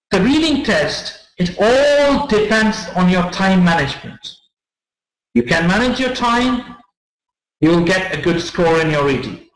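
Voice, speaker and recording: A man's voice: sits high, a bit bright, reverberant, poor audio. A man teaching an English test-prep class, explaining tips with frequent repetitions and check-ins to students, recorded in a classroom on a room mic. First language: not English. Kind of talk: classroom lecture.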